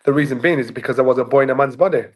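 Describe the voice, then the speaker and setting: A man in his fifties, a former boxing champion from England, telling stories casually as an interview guest and acting out the voices in them. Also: rapid-fire. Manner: animated, acts out voices in anecdotes with rising pitch. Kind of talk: casual storytelling in a sit-down interview.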